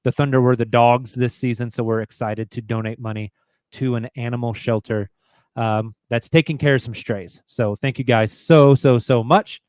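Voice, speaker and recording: A man's voice: mid-range voice, steady tone, moderate pace, darkish tone, smooth, no echo. A man hosting a sports podcast, chatting casually, joking and reading sponsor spots. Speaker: podcast host. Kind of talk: casual chat.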